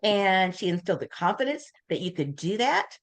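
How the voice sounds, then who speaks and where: An older woman giving a casual talk as guest speaker, telling lively anecdotes and acting out the voices of people in her stories. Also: mid-range voice, normal speed.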